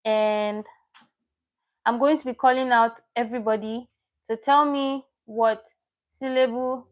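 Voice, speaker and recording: A woman's voice: a little high, fairly even intonation, a little slow. A woman teaching a livestream lesson, explaining patiently step by step and repeating each word she teaches. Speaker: Korean language teacher.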